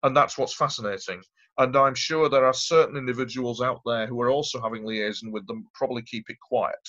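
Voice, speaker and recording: A man's voice: medium pitch, fairly quick, a bit bright, lo-fi sound. A man, a guest telling a long story in an interview, earnest and rambling, often repeating himself.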